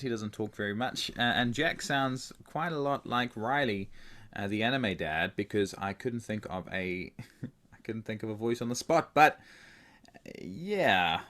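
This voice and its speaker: A man's voice: mid-range voice, a bit bright. A man co-hosting a podcast in playful, improvised banter, joking and teasing with plenty of fillers. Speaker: podcast co-host.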